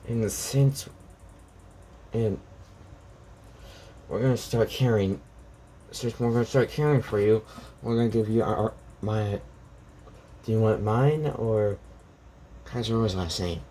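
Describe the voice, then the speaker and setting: A man's voice: fairly low pitch, slow, pauses often, mellow, slight background noise. A young man casually retelling a fan story, rambling with restarts and "she goes like".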